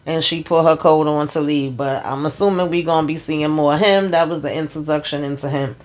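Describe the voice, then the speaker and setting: A woman's voice: low-pitched, brisk. A woman casually recapping a TV episode scene by scene, in loose, chatty storytelling with wry asides. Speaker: show recap vlogger.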